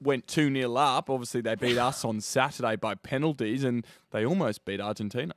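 A man's voice: mid-range voice, a little fast, no echo. A man with an Australian accent, hosting morning radio with teasing, upbeat banter. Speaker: radio host.

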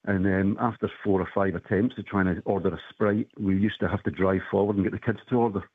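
A man's voice: lowish voice, steady tone, fast, husky, no room sound. A middle-aged man calling in to a radio show, chatting casually and hesitantly with many fillers. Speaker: caller. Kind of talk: casual phone chat. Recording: tinny phone line.

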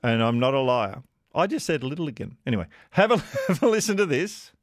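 A man's voice: medium pitch, sing-song, fairly quick, no echo, clean studio sound. A man hosting a radio quiz, chatting casually with callers in a self-deprecating way and laughing often. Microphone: studio microphone.

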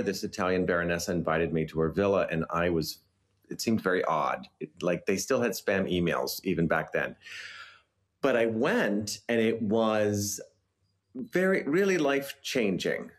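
Deep-voiced chatty man, novelist guest. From United States. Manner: relaxed, chatty, laughs easily, with fillers. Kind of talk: interview conversation.

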